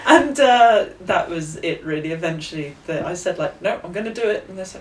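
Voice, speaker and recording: A young woman telling stories as an author guest in a relaxed interview, laughing often and acting out quoted voices. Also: on the low side, fairly quick, hardly any pauses, distant mic, background noise. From England. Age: young adult. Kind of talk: casual interview storytelling. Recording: echoey room, voice off mic.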